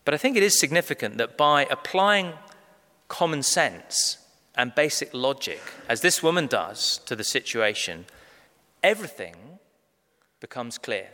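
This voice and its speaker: A man preaching a sermon, measured and emphatic, slowing down to stress key phrases. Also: medium pitch, sharp tone. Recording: long reverb of a large hall.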